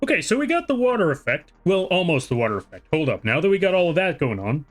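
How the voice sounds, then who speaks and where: A young American man talks off the cuff to his live-stream viewers as he draws, wandering from thought to thought and teasing himself along the way. His voice sits a little high for a man. Soft music plays quietly underneath. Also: very animated, fast talker. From United States. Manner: rambling, self-deprecating, chats with viewers. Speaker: art streamer. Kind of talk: casual live-stream chat while drawing.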